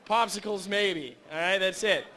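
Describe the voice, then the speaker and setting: A man emceeing a gaming tournament, teasing the crowd and shouting to get them cheering. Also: high-pitched, normal speed. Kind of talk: joking crowd introduction. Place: large indoor tournament venue.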